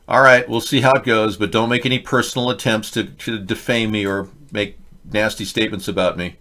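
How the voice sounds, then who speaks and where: A man's voice: fairly low pitch, steady tone, a little fast, pushed and bright. Sarcastic rambling male livestream host. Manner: rambling, sarcastic, wisecracking asides. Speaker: livestream host reading chat. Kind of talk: casual political commentary livestream.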